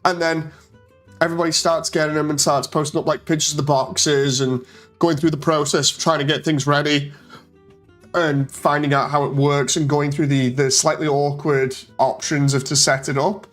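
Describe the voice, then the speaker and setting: A man streaming casually, telling a story with animated energy and reading out chat messages in a mocking tone. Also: fairly high pitch, moderate pace, faint music behind. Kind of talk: casual stream chat, retelling an online exchange.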